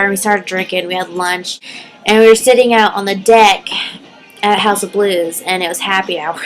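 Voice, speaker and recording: A young woman telling a story in a casual vlog at home, chatty and giggly with lots of "like" and "um". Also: poor audio. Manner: chatty, giggly, lots of "like" and "um", acts out quotes in a high voice. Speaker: vlogger.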